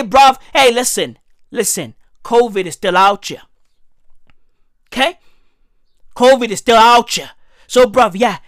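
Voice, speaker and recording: A man doing a profane comedy rant, animated and repetitive, full of slang and swearing. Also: very high-pitched, no echo, studio quality. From South Africa.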